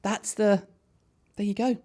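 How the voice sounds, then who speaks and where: A middle-aged English woman with a Liverpool twang, hosting a podcast in chatty, quick storytelling conversation. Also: medium pitch, fairly even intonation, mellow. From England. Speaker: podcast host. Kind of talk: casual chat.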